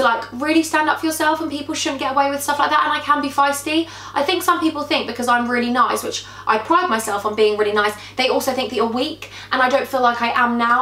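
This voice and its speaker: A young woman in her twenties chatting her way through a makeup tutorial, telling a gossipy story with animated indignation. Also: on the high side. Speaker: beauty vlogger. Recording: echoey room.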